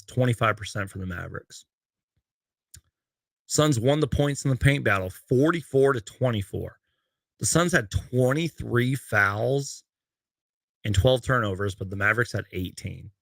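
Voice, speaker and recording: Reading game stats and viewer comments in loose, rambling live-stream chat, this sports fan host speaks at normal speed. His medium-pitched voice is creaky and a bit bright, captured in clean studio sound with no room sound.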